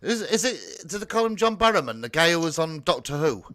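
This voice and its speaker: A man's voice: a little high, very animated, a little fast, bright, forceful tone. A man hosting a casual live chat, joking, swearing and laughing often. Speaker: host.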